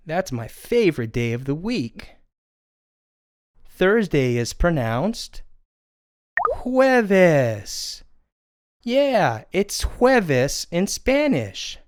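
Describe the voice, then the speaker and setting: A puppeteer voicing a friendly little sparrow puppet who teaches children, speaking in an encouraging, drawn-out way. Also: mid-range voice, very animated, darkish tone, dry recording, clean studio sound. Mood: cheerful. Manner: sing-song, encouraging, drawn-out words. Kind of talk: children's lesson.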